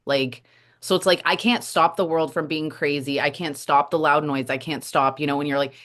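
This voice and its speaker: A woman's voice: low-pitched, fairly even intonation, moderate pace, fairly bright tone. A woman co-hosting a heartfelt chat, speaking candidly with many casual fillers. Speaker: co-host, stroke survivor advocate.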